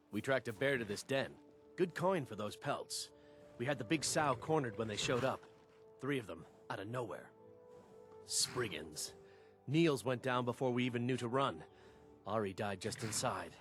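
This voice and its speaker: A man's voice: medium pitch, lively intonation, normal speed, pauses often, soft background music, natural voice. A man voicing a hurt, pleading hunter. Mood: grim. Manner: pleading, weary. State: injured, short of breath. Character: wounded male hunter begging a stranger for help.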